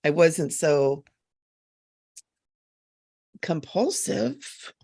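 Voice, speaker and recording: Woman psychic medium chatting live on a webcam, gravelly voice, dry sound, earnest and emphatic. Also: low-pitched, expressive, drawn-out words, a little mellow, dry recording. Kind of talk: live-stream chat.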